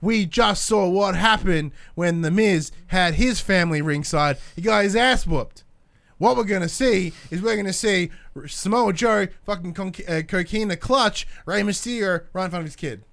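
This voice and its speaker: A man co-hosting a podcast, recapping wrestling in a rambling, self-correcting, excitable way. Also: sits high, moderate pace, gravelly. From Australia. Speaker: podcast co-host. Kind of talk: casual chat recapping wrestling.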